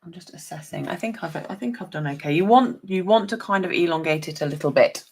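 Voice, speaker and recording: A woman's voice: on the low side, a little fast, darkish tone, a little hiss or hum. A woman demonstrating papercraft on a chatty live stream, talking to her viewers by name as she works. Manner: chatty, talks to viewers by name while working.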